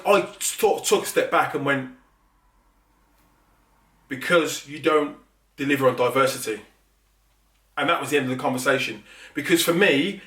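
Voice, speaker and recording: A man speaks earnestly to the camera, and his emphatic delivery builds into anger. His voice sits a bit high for a man. He is heard from some distance in a roomy, echoey space. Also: fairly bright tone. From England. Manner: earnest, rising to emphatic and angry. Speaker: teacher and middle leader. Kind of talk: impassioned monologue to camera. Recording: echoey room, away from mic.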